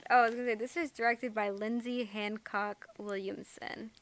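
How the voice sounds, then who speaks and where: A woman's voice: a little high, fairly even intonation, moderate pace, fairly bright tone. A young woman from the Boston area co-hosting a podcast, chatting casually with lots of "like" and frequent laughs. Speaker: podcast co-host. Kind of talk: casual chat.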